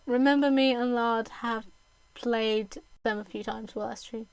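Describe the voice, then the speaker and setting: A woman's voice: on the high side, fairly even intonation, unhurried, clean tone, dry recording, rough recording. A young British woman with a mixed, mostly Southern English accent, chatting casually with her stream viewers, with lots of ums and restarts.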